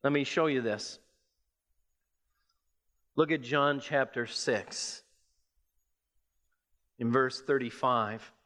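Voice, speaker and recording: Slow, emphatic male preacher. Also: a bit bright. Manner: measured, emphatic preaching that rises in pitch as it builds. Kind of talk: sermon.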